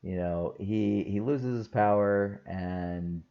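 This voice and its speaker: Low, slow-talking man reviewing a film. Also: vocal fry, dull audio. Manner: rambling, enthusiastic, frequent fillers and laughs. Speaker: movie reviewer. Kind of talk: casual spoken film review.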